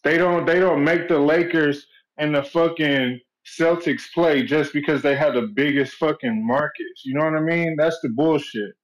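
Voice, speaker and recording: Monotone laid-back man on a call-in line. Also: fairly high pitch, moderate pace. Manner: laid-back, rambling, swears freely. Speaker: caller. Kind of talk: casual call-in chat. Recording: dull lo-fi phone call.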